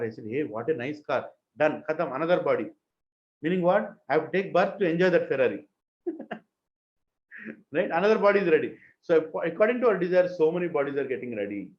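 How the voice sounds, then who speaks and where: Indian male teacher, slightly high voice, lecture style with chanted verses and questions, muffled recording. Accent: Indian English. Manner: chants Sanskrit verses, asks the class questions. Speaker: spiritual teacher. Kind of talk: scripture class lecture.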